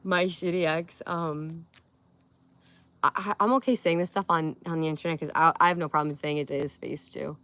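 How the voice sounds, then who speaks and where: Young woman, live streamer, low-ish voice; loose, giggly, rambling chatter with casual swearing. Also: fairly even intonation, normal speed, sharp tone.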